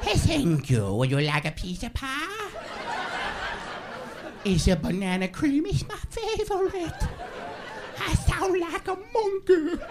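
A shrill, squeaky, giggly character in a stand-up routine, the voice leaping up and down in singsong nonsense noises and dragging slowly. A live audience laughs behind it. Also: male voice, sing-song, a crowd in the background, noisy background, heavily acted. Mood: goofy. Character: squeaky silly high-voiced male character. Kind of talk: stand-up comedy bit.

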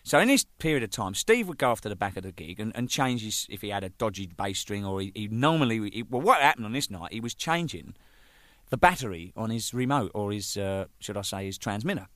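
Ex-band drummer, animated swearing raconteur, bright and lively voice. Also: male voice, on the low side, a little fast, no echo, clean studio sound. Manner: swears freely, acts out the people in his stories. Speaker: drummer telling band anecdotes. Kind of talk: casual anecdotal storytelling.

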